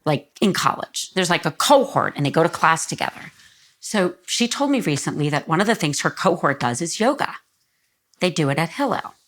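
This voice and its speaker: A woman's voice: on the low side, sing-song, moderate pace, a bit bright. A woman in her fifties talks earnestly in a living room interview, close to tears. Her voice rises as the feeling builds. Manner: earnest, voice rises when emotional. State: near tears. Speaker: guest. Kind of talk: emotional interview conversation.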